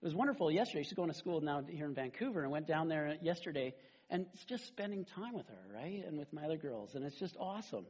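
Middle-aged man pastor, husky, slightly high voice, chatty sermon, dull lo-fi recording. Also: quick pace. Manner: animated, conversational, with frequent "right?" asides.

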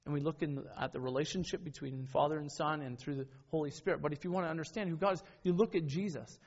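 A man's voice: on the high side, fast talker. Earnest male preacher, muffled recording. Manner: earnest, conversational, with personal stories and self-corrections. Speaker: pastor. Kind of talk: sermon. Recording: dull lo-fi sermon recording.

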